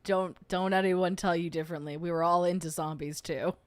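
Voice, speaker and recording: A woman's voice: lowish voice, fairly even intonation, a little fast. A young adult woman hosting a livestream, chatting casually and joking in rambling asides while reacting to a video. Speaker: host.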